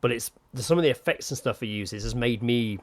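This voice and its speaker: A man's voice: medium pitch, brisk. A man co-hosting a podcast, talking in a rambling, enthusiastic way with plenty of fillers. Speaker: podcast co-host. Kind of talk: casual chat.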